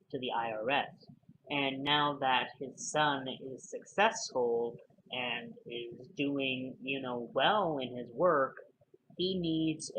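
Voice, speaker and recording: A man's voice: mid-range voice, fairly bright tone. Man, casual film review, rambling, lots of fillers, faint hiss, dull recording. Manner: rambling, heavy use of fillers and restarts. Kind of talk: casual spoken video review.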